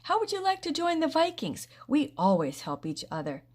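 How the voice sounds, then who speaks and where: A woman reading the part of an eager young boy who leads his club, in a brisk, confident way. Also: high-pitched, huge pitch swings, a little mellow, voice pushed up.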